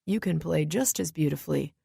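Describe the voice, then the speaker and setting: A woman voicing a tender young man with a deep, gentle voice, speaking softly and intimately in an audiobook romance. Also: brisk, vocal fry, slightly rough, no room sound, studio quality, exaggerated voice.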